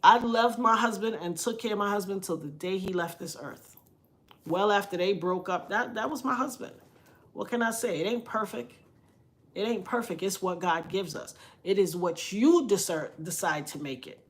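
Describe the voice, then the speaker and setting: A woman's voice: mid-range voice, moderate pace. A woman telling a personal story in casual talk, frank and colloquial, acting out the other people's voices as she goes. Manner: animated, acts out quoted voices. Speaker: vlogger.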